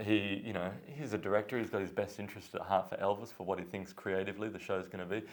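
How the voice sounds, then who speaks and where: Animated storytelling male host. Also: low voice, quick pace. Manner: animated anecdotes, many restarts. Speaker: podcast host. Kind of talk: casual chat, storytelling.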